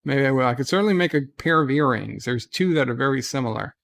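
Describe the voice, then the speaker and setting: A man's voice: mid-range voice, animated, fast talker, vocal fry, fairly bright tone. A man hosting a casual livestream from bed at home, reading viewer comments aloud and chatting about them with frequent fillers and restarts. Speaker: livestream host.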